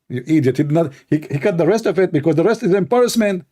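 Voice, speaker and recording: A man's voice: fairly high pitch, expressive, quick pace, hardly any pauses, warm tone. A man giving mocking, exasperated commentary, sarcastic and laughing. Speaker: religious debate commentator.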